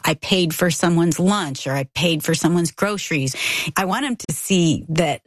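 A woman's voice: on the low side, moderate pace, no echo. A woman and mother, a podcast co-host, speaking earnestly and from the heart in casual chat.

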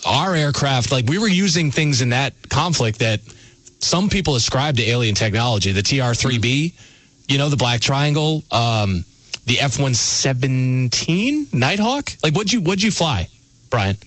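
Casual, excitable male radio host. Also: medium pitch, moderate pace, no room sound, low-quality recording. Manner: excitable, casual, gives out the phone number. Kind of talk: sports radio talk. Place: radio studio. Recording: dry studio sound.

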